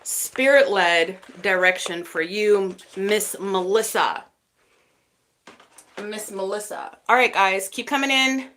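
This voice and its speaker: A woman's voice: medium pitch, takes it slowly. A woman from Texas hosting a tarot livestream, chatting casually and thanking viewers by name as they join. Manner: chatty, warm thanks to each viewer by name, frequent fillers.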